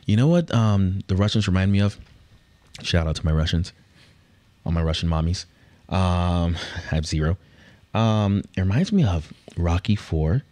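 A man's voice: deep voice, moderate pace, mellow, dry recording. A man hosting a podcast in joking, playful casual chat. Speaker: podcast host.

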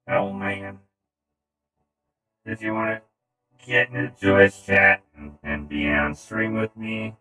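A man streaming himself playing a game live, swearing and yelling angrily at the game between muttered asides to chat. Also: fairly low pitch. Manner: profane, ranting, yelling at the game. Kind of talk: live gameplay stream commentary.

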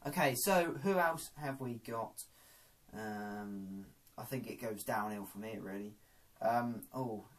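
A man hosting a casual comedy vlog, chatty and self-deprecating. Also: mid-range voice. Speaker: YouTuber.

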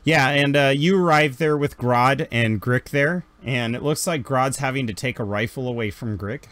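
Guy game-mastering a tabletop game, jokey, keeps doing quick voices, dry close sound. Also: medium pitch, fairly bright tone, dry recording. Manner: joking, slips into quick character voices.

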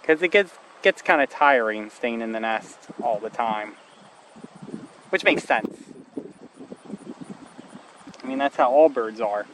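A man filming wildlife outdoors by a marsh, musing aloud and soothing a bird in a gentle, coaxing way. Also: mid-range voice, lively intonation, slow, pauses often, rough recording. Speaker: wildlife videographer. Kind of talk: casual narration while filming. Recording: outdoor wind and ambient noise. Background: wind, birds and passing vehicles.

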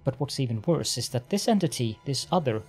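A man reading the lines of a shaken, grave male inquisitor from a fantasy game, who stumbles and repeats words. Soft music plays under him. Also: medium pitch, animated, husky. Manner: halting, stammers over words.

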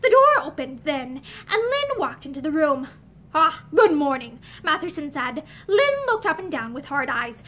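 A woman with a high voice reads an old novel aloud, seated before shelves full of books. She gives the spoken lines a touch of character while the narration stays plain. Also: sing-song, moderate pace, pushed and bright. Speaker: audiobook reader. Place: room with bookshelves.

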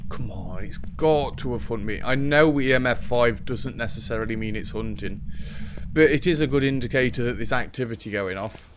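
A man's voice: mid-range voice, moderate pace, a little hiss or hum. A man giving nervous, joking commentary on a solo horror game, now and then taunting the ghost. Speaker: gaming streamer.

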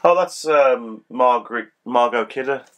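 A man's voice: mid-range voice, measured pace, fairly bright tone, dull audio. Chatty middle-aged man, teasing banter. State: slight cold. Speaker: co-host. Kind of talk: casual chat.

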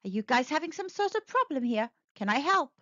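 A woman's voice: high voice, sing-song, fairly quick, a bit bright, no echo, muffled recording, pitched above the performer's own voice. A woman reading a storybook aloud, voicing a cheerful, friendly young prince from space.

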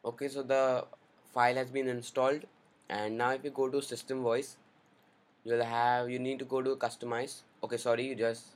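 A man's voice: medium pitch, little pitch movement, moderate pace. A man in a mid-range voice guides viewers through a computer setting. He speaks in a casual, upbeat way and lays out each click in plain steps. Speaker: tech tutorial host. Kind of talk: screen-recorded software tutorial.

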